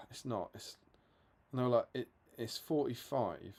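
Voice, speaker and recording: A man co-hosting a casual livestream, telling stories in an animated, exasperated way. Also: medium pitch, slow. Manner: animated, exasperated storytelling with laughs. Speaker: co-host.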